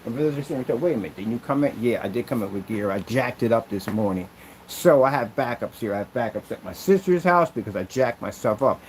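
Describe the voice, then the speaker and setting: A man's voice: mid-range voice, animated, fast talker, a little mellow, a little hiss or hum, low-quality recording. A man who makes projection screens, ranting in a casual vlog with an aggrieved, rambling, repetitive way of talking. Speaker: projection screen maker and seller.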